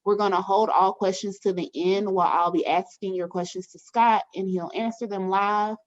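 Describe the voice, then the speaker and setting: A woman's voice: mid-range voice, steady tone, moderate pace. Chatty woman hosting a webinar. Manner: friendly, chatty, with frequent "um" fillers. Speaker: webinar host. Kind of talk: casual hosting with housekeeping announcements. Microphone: video call. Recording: muffled video-call audio.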